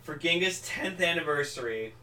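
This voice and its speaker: A young man with a bright, forceful voice, sitting a little back from the mic in an echoey room. He talks casually with lots of fillers and gets excitable, acting out lines as he retells a story. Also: fairly high pitch, normal speed, far from the mic. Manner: excitable, lots of fillers, acts out quotes loudly. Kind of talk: casual podcast chat.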